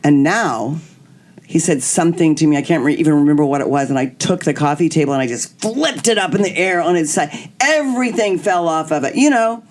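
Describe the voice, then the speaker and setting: A middle-aged woman hosting a podcast, telling candid personal stories in an animated way and acting out the voices of people she quotes. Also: sits low, a little fast. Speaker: podcast host. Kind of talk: candid storytelling chat.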